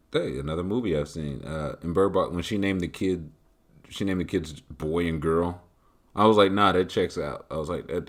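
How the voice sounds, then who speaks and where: A man hosting a podcast, answering listener questions in a joking, animated, casual way. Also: sits low. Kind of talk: casual chat.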